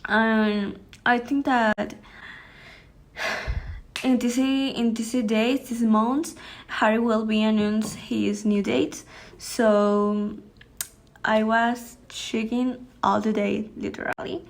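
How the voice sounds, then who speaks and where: Slow, halting young woman. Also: on the high side, steady tone. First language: Spanish. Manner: hesitant, halting, frequent restarts and fillers. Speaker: student. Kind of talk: homework anecdote in English.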